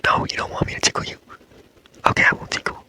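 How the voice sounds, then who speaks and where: A man doing whispered role-play as a boyfriend in an ASMR clip, repeating words in a hushed whisper talk. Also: quick pace, rough recording. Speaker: ASMR creator.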